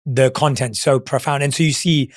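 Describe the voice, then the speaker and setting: A man of middle pitch hosts a podcast and keeps agreeing with his guest. His manner is enthusiastic and supportive. The voice is recorded close and dry. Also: fairly even intonation, moderate pace, dry recording. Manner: enthusiastic, affirming. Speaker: podcast host. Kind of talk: podcast conversation.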